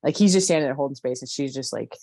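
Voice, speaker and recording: A woman as a therapy client, talking haltingly and repetitively through an emotional memory, with many fillers. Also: very deep voice, mellow, no room sound. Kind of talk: emotional guided recall.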